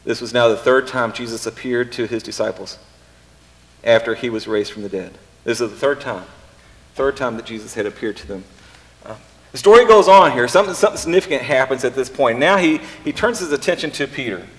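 A pastor preaching a casual sermon, often pausing and repeating words as he thinks aloud. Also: mid-range voice, lively intonation. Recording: long reverb in a hall.

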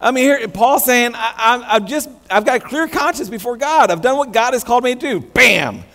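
An American man preaching a sermon, animated, often restarting his words mid-phrase. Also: very high voice, brisk. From United States. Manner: animated, many restarts and stammers. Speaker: pastor. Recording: long hall reverb with mains hum.

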